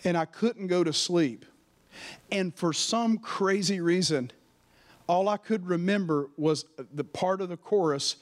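A male preacher with a notably high-pitched voice delivers a sermon in a church. He mixes scripture with personal stories and speaks with fervent conviction. He keeps turning to the congregation with direct calls for a response.

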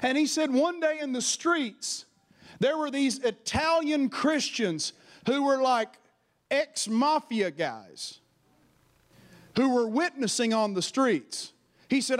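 A male preacher with a notably high-pitched voice delivers a sermon in a church. He mixes scripture with personal stories and speaks with fervent conviction. He keeps turning to the congregation with direct calls for a response. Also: expressive, slow.

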